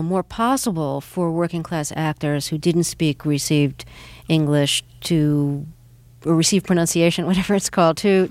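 A woman interviewer asking measured questions and introducing a clip. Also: fairly low pitch, darkish tone, no room sound. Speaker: radio interviewer.

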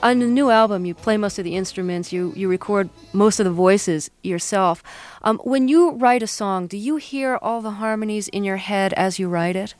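A woman hosting a radio interview, asking measured, prompting questions. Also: mid-range voice, a little mellow, faint music behind.

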